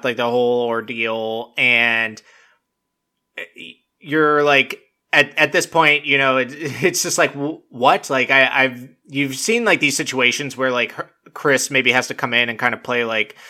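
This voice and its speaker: Young male podcast host, casual rambling recap, bright forward tone, swears freely. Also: mid-range voice. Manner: rambling, profane, full of "like" and laughter.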